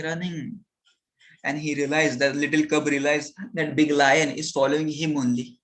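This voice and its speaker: High-voiced, unhurried male teacher. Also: fairly bright tone, rough recording. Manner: earnest, repetitive with rhetorical "right?". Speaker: spiritual teacher. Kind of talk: scripture class storytelling.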